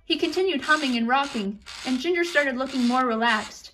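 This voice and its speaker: A woman's voice: high voice, brisk, fairly bright tone, slight background noise. A woman telling a story in a casual, chatty way, breaking off for asides to her listeners.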